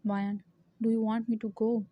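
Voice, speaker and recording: A woman voicing a young call girl in a storybook reading, in a flat, even way. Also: a little high, normal speed, dry recording, close to an everyday voice. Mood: hurt. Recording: dull lo-fi recording.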